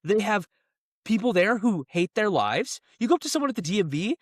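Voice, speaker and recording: A young man chatting on a casual podcast, his pitch swinging widely and a bit higher than most men's. He talks in an animated, laughing way and acts out the people he quotes. The sound is dry and close. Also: fairly quick, dry recording. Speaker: podcast co-host. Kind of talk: casual chat.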